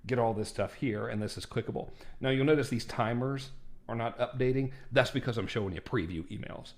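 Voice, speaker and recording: A man's voice: mid-range voice, brisk. Male marketing instructor, casual screen-share walkthrough, chatty and self-deprecating.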